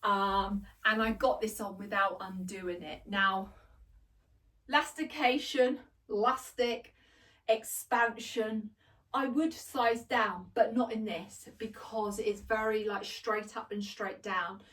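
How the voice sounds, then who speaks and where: Her mid-range voice is steady and fairly bright, and she takes it slowly while a distant mic records her. A middle-aged fashion vlogger at home, she chats through a clothes try-on haul, gushing, laughing often, and cracking self-deprecating jokes.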